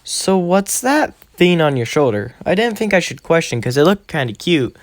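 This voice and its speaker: A man's voice: on the high side, big pitch swings, normal speed, dry recording, pitched above the performer's own voice. A man voicing a cheerful, curious teenage schoolgirl who stumbles over her words. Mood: eager.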